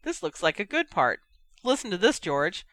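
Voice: mid-range voice, big pitch swings, normal speed, fairly bright tone, no room sound. An audiobook reader voicing a teasing young woman who mocks her brother, in a raised, gleeful tone. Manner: mocking, gleeful.

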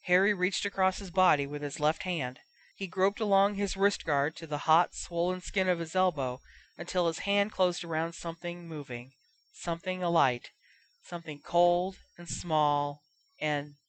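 A woman reading a fan fiction story aloud in a measured narration. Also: fairly low pitch, a bit bright. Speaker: audiobook reader.

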